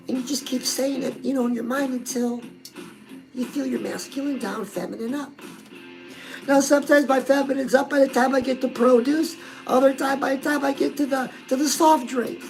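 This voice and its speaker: A woman's voice: high voice, steady tone, a little fast, creaky, over music, poor audio. A woman hosting a comedic live self-help show, chatty and sassy, who keeps calling her listener "girl".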